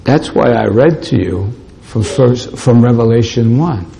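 A man's voice: mid-range voice, expressive, a little slow, gravelly, mellow, a little hiss or hum, low-quality recording. A man preaching a sermon, scolding and emphatic, hammering his points home with short repeated declarations. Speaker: pastor.

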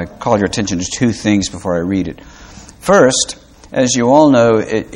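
A man preaching and reading scripture to a church congregation, pausing often with "uh" and then stressing key words with emphasis. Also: medium pitch.

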